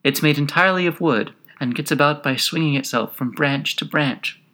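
A man reading a storybook puts on a tiny, melancholy gnat who talks in a soft, sighing, unhurried way. The tone stays bright and clear, with a slightly wistful, careless lilt. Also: on the high side, voice pushed up. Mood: explaining. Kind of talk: audiobook character reading.

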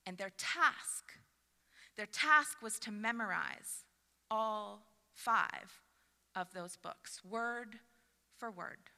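A woman pastor giving a sermon to her congregation, building from calm reflection to lively, emphatic delivery. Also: mid-range voice, extremely slow, gravelly, big-room sound. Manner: expressive, rising to animated emphasis. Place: church sanctuary.

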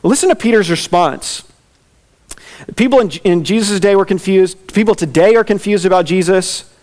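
A man preaching a conversational sermon, animated and chatty, often laughing as he explains. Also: high-pitched, moderate pace. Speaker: pastor.

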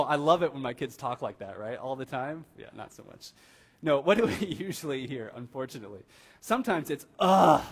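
A young adult man, a pastor, gives a casual, conversational sermon in a church, often asking the congregation "right?". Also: mid-range voice. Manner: conversational, asks the room "right?" often, animated quoting. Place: church sanctuary.

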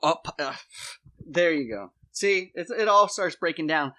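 A man hosting a comedy podcast, laying out a mock conspiracy theory in a deadpan voice with dramatic emphasis. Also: fairly high pitch, measured pace.

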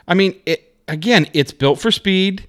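A man's voice: high voice, unhurried. A man co-hosting a podcast, chatting casually and enthusiastically about cars, rambling with restarts. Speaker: podcast co-host. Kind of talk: casual car chat. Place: Seattle area.

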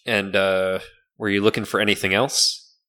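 A man running a tabletop game as game master, talking in a halting way with many fillers. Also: lowish voice, level tone, bright, forceful tone.

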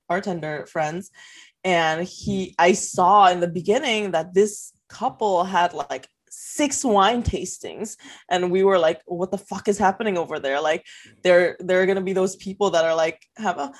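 A woman's voice: fairly low pitch, moderate pace. Laughing woman telling a bar story. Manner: laughs often while telling animated stories. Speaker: podcast co-host; bartender. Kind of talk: casual chat.

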